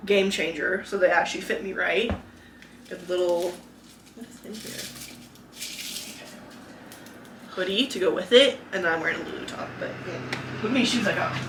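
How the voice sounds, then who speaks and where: A woman's voice: on the low side, noisy background. A young woman chatting casually in a vlog, out of breath, rambling with lots of likes and restarts. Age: young adult. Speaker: vlogger.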